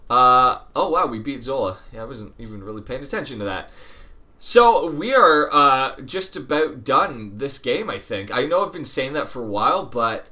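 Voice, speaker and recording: Bright-voiced, profane gaming storyteller man. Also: mid-range voice, expressive, moderate pace. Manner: rambling, profane, often laughing. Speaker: gaming video host. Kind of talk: casual storytelling over gameplay.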